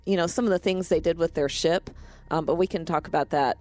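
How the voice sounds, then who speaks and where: A woman's voice: fairly low pitch, fairly quick, darkish tone, dry recording. A woman co-hosting a casual film review chat, talking in a chatty way with frequent laughs and restarts. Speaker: podcast co-host.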